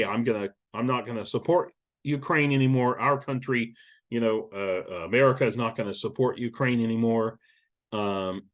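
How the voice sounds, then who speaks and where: A man giving casual news commentary, blunt and sarcastic, with lots of swearing and frequent restarts. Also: mid-range voice. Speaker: YouTube war-news commentator.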